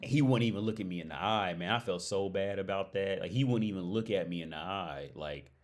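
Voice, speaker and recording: Speaking fairly fast in a low voice, a man on a livestream spins a rambling tale. Laughter, curse words, and a steady stream of "like" and "right?" fill his talk.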